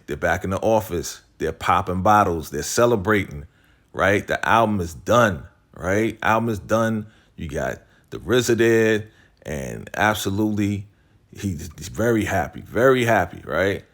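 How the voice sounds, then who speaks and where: A man casually recapping a TV episode, using slang, saying "right?" a lot and acting out the characters' lines. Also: a bit bright. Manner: retells scenes, quoting characters in a lowered voice; slangy, repeats "right?" and "you know". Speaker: TV recap host.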